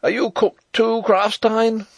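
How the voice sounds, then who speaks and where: A man reading aloud, voicing a dashing, reckless young villain swordsman who taunts loudly. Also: high-pitched, little pitch movement, takes it slowly, no room sound, voice pushed up, heavily acted. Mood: shouting. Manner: loud, ringing, taunting.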